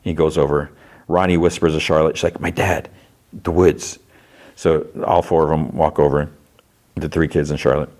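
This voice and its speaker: A man's voice: a bass voice, level tone, brisk, darkish tone. A male podcast host casually recapping episodes, talking loosely with many fillers and acting out quotes in a raised voice. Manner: loose delivery with frequent fillers.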